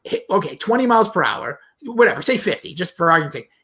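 A man's voice: high voice, sing-song, quick pace, a bit bright. A man in his thirties co-hosting a casual movie review chat, rambling and joking and dropping into silly voices. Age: 30s. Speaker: podcast co-host.

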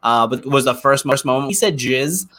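A man's voice: medium pitch, expressive, brisk, sharp tone. A man co-hosting a casual podcast, swearing freely and cracking crude jokes. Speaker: podcast co-host. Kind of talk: casual chat.

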